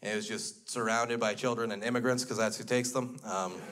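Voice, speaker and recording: A man's voice: on the low side, steady tone, a little fast. A man in his thirties from Alberta, Canada, doing stand-up comedy with crude, self-mocking storytelling before a live audience. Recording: loud noisy live stage recording.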